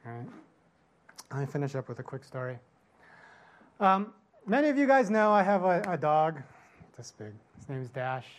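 A man's voice: fairly high pitch, sing-song, normal speed, long pauses. A middle-aged male pastor giving a conversational sermon, telling a story and checking in with "right?" after nearly every line. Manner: storytelling with constant "right?" tag questions.

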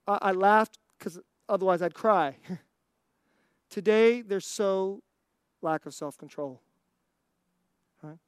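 A preacher delivers a sermon at an unhurried pace, drawn out and deliberate. Rhetorical questions come one after another, with a laugh slipped in between points. The voice sounds close and dry, with no room around it. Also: mid-range voice, clear, resonant tone, dry recording.

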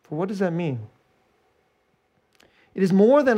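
Animated preacher swinging loud to hushed. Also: measured pace. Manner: animated, swinging from loud high emphasis to hushed low delivery; repeats and restarts phrases, chuckles between points. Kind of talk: sermon.

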